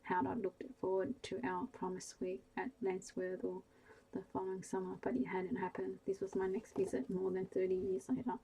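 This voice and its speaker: A woman reading a bedtime story aloud in a soft, hushed ASMR style, slow and gentle. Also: medium pitch, completely flat delivery, husky, poor audio.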